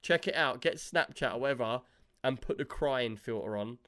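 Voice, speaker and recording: A man hosting a gaming podcast, telling stories in an animated way and laughing often. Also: mid-range voice, moderate pace. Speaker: podcast host. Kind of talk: casual chat.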